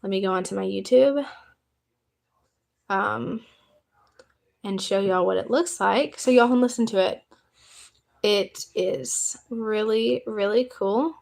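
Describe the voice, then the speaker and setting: A young woman from the United States talks on her phone livestream in a casual, eager way. She rambles a little and answers viewers' questions as she goes. Her voice sits at a middle pitch. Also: slow, gravelly, long pauses, darkish tone. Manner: chatty, eager, reads out chat questions. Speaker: livestream host.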